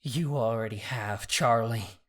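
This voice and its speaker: A man voicing a menacing male beast familiar who speaks in a low, threatening growl in an audiobook. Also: measured pace, lightly acted.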